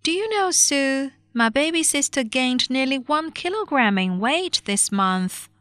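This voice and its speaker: Woman voicing a cheerful eight-year-old girl: high, eager, lively. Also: measured pace, dry recording, clean studio sound. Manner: bubbly, eager.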